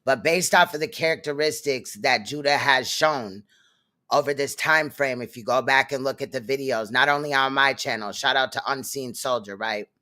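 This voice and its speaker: A man's voice: medium pitch, moderate pace, bright, forceful tone. A man hosting a commentary channel, talking loosely and conversationally in between the clips he reacts to. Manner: loose, conversational, slangy asides.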